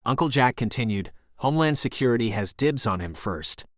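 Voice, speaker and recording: A man's voice: medium pitch, animated, fairly quick, fairly bright tone, no room sound. Man narrating a thriller, dry sound. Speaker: audiobook narrator. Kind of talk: scripted narration.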